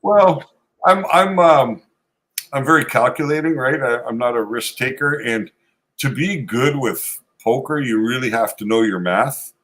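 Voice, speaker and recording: Guy on a podcast, talks steady and calm, lays stuff out plain. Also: mid-range voice, unhurried. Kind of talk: casual chat.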